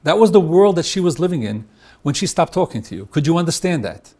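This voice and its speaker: A man's voice: fairly high pitch, very animated, mellow. A middle-aged man, a marriage therapist, lecturing at a workshop, asking the audience questions and acting out both husband and wife in his examples. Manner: asks the audience rhetorical questions and pauses on them.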